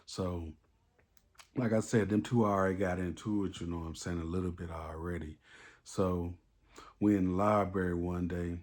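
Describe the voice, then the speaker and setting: A man's voice: low-pitched, fairly even intonation, moderate pace, a little mellow. A man telling a story in a loose, rambling way, with lots of fillers and profanity. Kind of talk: casual storytime monologue.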